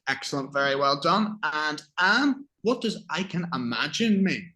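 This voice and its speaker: A man's voice: fairly high pitch, lively intonation, a little slow, bright, forceful tone. A man teaching an English vocabulary class, asking students questions and praising their answers patiently.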